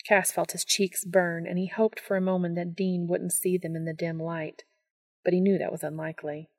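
Woman narrator, romance story reading, low pitch, gravelly, calm soft delivery. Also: normal speed, dry recording.

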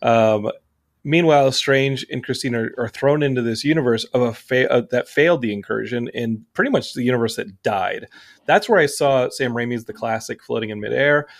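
Uomo eccitato che impreca spesso. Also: male voice, mid-range voice, normal speed. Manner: excitable, swears freely. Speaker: podcast host. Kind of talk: casual movie review chat.

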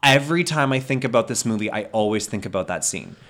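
A man co-hosting a casual film podcast, animated and profane, often slipping into mocking accent impressions. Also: lowish voice, fast talker. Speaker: podcast co-host.

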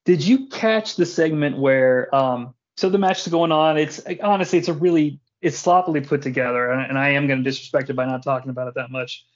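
A man hosting a casual podcast, recapping wrestling in an animated, joking way with casual swearing. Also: mid-range voice, a little fast, few pauses. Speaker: podcast host. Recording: dull lo-fi podcast audio.

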